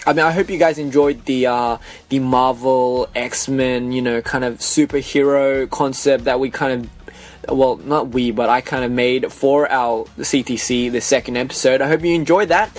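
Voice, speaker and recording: A young man with an Australian accent hosting a casual radio chat, full of fillers and quick laughs. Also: medium pitch, steady tone. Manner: chatty, laughs often, many fillers. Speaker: radio host.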